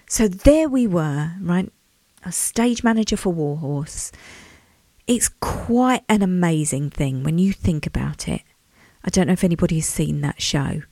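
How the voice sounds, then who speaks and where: A woman's voice: on the low side, mellow, dry recording. A woman, hosting a podcast and telling a reflective story in a chatty way, speaking directly to her listeners. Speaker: podcast host. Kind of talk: casual storytelling monologue.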